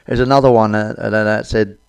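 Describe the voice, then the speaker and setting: A man's voice: fairly low pitch, level tone, fairly quick, creaky, a little mellow, clean tone, no echo. A middle-aged British man doing a crude stand-up comedy monologue, blunt and cheeky, swearing often. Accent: British English.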